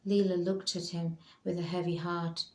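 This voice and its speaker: Woman storyteller, calm, measured narration, roomy echo. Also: fairly low pitch. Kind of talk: scripted narration.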